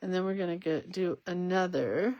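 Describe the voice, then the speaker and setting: A craft livestream host with a lowish voice speaks at normal speed, and the audio is dull with no room sound. While she works she chats in a rambling way and reads viewer comments aloud.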